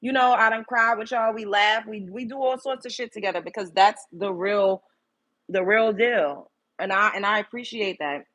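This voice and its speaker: A young woman from Brooklyn, New York hosts a casual livestream, her voice medium-pitched, moderately paced and a bit bright. She's blunt and candid, swears freely and greets viewers by name.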